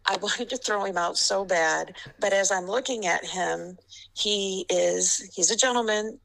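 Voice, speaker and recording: A woman recounts a game memory in a casual, chatty way and laughs often. Her voice is bright and a little gravelly. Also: mid-range voice, unhurried, rough recording. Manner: laughs often while telling a story. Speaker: basketball referee guest. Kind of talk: casual storytelling.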